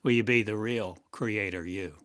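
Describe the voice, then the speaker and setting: A man giving a channeled spiritual monologue as a teacher, speaking in drawn-out phrases and asking one rhetorical question after another. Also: on the low side, fairly bright tone, no room sound.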